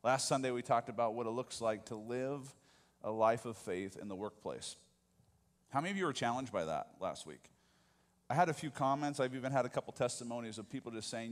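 A man's voice: mid-range voice, fairly quick. A man preaching a sermon as pastor, talking conversationally and often asking the congregation questions. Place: church sanctuary. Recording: long hall reverb.

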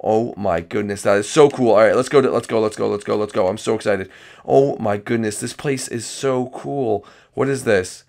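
A man hosting a comedic game role-play, excitable and full of exclamations. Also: fairly low pitch, normal speed, vocal fry. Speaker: host and gamer.

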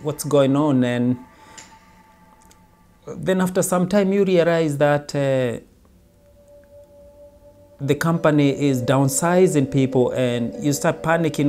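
A man's voice: on the high side, unhurried, long pauses, over music. A man giving a motivational talk, telling it as a story and briefly acting out everyday lines. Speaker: self-help speaker. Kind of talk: motivational monologue.

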